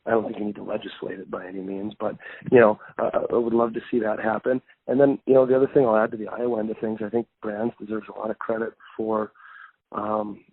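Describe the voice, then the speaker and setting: A man's voice: fairly low pitch, steady tone, fast talker, breathy edge, no echo. A man from North Dakota talking casually as a podcast guest, rambling with many restarts. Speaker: guest wrestling analyst. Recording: phone-like, dry sound.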